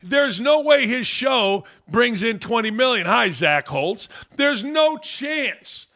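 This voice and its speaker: A man's voice: sits high, lively intonation, unhurried, creaky, sharp tone. An older man hosting a live fan Q&A stream, talking in a brash, profane, rambling way and telling stories. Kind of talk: casual live-stream chat.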